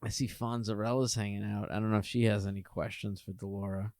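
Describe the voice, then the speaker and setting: A man's voice: on the low side, level tone, fast, a little mellow, no room sound. A man co-hosting a podcast, chatting casually in a teasing, playful way. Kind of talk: casual comedic chat.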